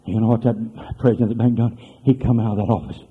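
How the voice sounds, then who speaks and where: A man preaching a holiness sermon as a pastor, moving between hushed storytelling and loud hollering. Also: on the low side, flat delivery, fast, breathy edge, phone-quality sound. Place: church.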